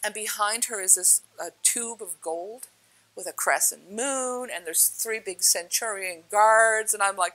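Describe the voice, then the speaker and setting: A woman telling spiritual experience stories in an animated, casual way, laughing often and acting out what people said. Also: medium pitch, measured pace, poor audio. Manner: laughs often, acts out quoted lines with big swings. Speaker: speaker sharing spiritual experiences. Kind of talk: animated storytelling.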